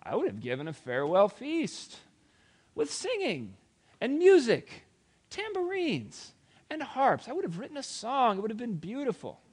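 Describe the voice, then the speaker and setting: A man voicing a furious, indignant older father-in-law with loud, theatrical outrage. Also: extremely high pitch, huge pitch swings, a little slow, hardly any pauses, husky, voice pushed up, exaggerated voice. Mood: mock-grandiose.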